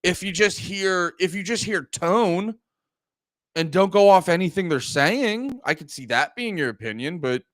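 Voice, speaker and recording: A man's voice: high-pitched, expressive, a little slow, a bit bright, no room sound, clean studio sound. A young man hosting a live stream, ranting casually with lots of profanity, restarts and mocking quoted voices. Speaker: streamer and podcast host.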